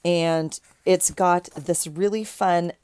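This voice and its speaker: A woman's voice: on the low side, fairly even intonation, slow pace, a little mellow, clean tone, no room sound. Stuffy middle-aged woman chatting while crafting. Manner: chatty, rambling, with frequent restarts. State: stuffy nose from crying. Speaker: crafting vlogger. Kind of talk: casual craft tutorial chat.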